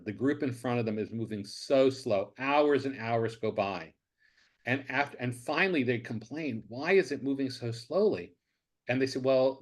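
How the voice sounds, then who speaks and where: A man, a professor, chatting as a guest and telling old jokes, with halting starts before settling into the story. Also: mid-range voice. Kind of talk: casual conversation, telling jokes.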